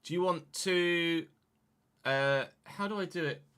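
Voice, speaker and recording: A man's voice: fairly high pitch, takes it slowly, sharp tone, clean tone. A man chatting casually on a live stream, muttering asides to himself and to chat.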